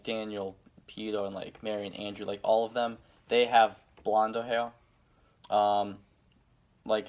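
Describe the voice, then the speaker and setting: A young man with a Pittsburgh accent co-hosts a casual podcast chat. His voice sits fairly low, and he rambles in a hesitant way, full of fillers. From Pittsburgh, Pennsylvania. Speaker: podcast co-host.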